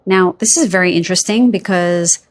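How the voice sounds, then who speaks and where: A woman giving a pick-a-card psychic reading to camera, feeling her way through names with hesitations and gently reassuring her viewers. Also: lowish voice, moderate pace, a little hiss or hum. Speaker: tarot card reader.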